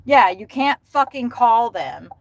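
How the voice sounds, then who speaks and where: A woman's voice: a little high, big pitch swings, unhurried, vocal fry, slight background noise, rough recording. A woman delivery driver ranting angrily on a livestream from her car, swearing constantly. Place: inside a car while driving.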